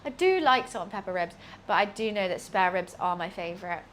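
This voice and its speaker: Expressive and fairly quick, her medium-pitched voice has a fairly bright tone, with slight background noise behind it. She's a young cooking streamer from Britain, casually chatting while cooking in her home kitchen, rambling with fillers and cheerfully self-deprecating.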